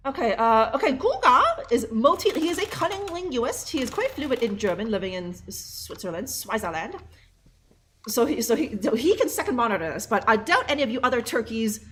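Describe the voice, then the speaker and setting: A woman's voice: fairly high pitch, big pitch swings, a little fast, fairly bright tone, a little hiss or hum. A woman streamer chatting and joking while playing a game live, reading subtitles aloud. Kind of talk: casual live game commentary.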